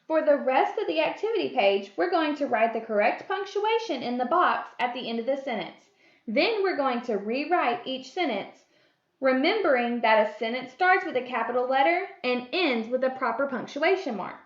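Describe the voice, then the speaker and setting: A woman gives a slow, clear grammar lesson to young children, her high voice rising and falling as she reads each example sentence. The recording sounds dull and lo-fi, with an echo from the room around her. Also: lively intonation. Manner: deliberate, sing-song reading of example sentences. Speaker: first grade teacher. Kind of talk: slow, clear classroom instruction.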